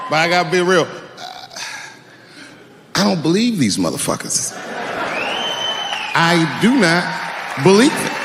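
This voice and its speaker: Male stand-up comic, fairly high voice, ranting and profane, faint crowd laughter behind. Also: vocal fry, big-room sound, background noise. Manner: animated, profane storytelling that swings into shouted rants. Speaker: stand-up comedian. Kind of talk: live stand-up comedy. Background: audience laughter.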